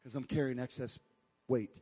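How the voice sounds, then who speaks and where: A pastor with a mid-range, husky, dark voice preaches a fervent sermon at a live church service, keeping a steady tone and moderate pace. He calls out "come on, amen" and is sometimes out of breath, with praise team music behind him in a large hall.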